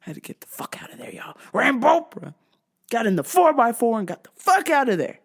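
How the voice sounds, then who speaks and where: A woman hosting a vlog, telling stories in an animated, profane and exasperated way. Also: on the high side, brisk, slightly rough. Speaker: host.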